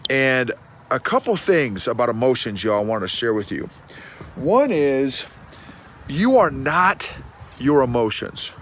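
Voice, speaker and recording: A man's voice: mid-range voice, a little slow, slight background noise. Folksy man talking outdoors. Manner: folksy, animated, repeats and restarts words. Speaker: leadership coach and podcast host. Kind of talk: casual outdoor talk to camera. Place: outdoors in snow.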